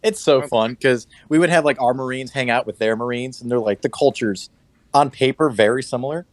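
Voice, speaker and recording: A man co-hosting a casual podcast chat, telling stories in a relaxed way with plenty of fillers. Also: mid-range voice, a little fast. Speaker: podcast co-host.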